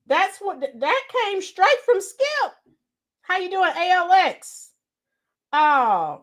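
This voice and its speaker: A high-pitched middle-aged woman hosts a casual live stream and talks straight to her chat. She calls viewers by name and says what she thinks in a blunt, opinionated way. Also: a bit bright.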